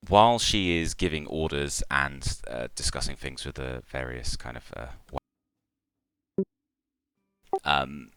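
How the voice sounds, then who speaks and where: A man narrating a tabletop role-playing game as game master, describing scenes at a relaxed pace with frequent ums. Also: very deep voice, slow, long pauses, smooth, dry recording, faint music behind.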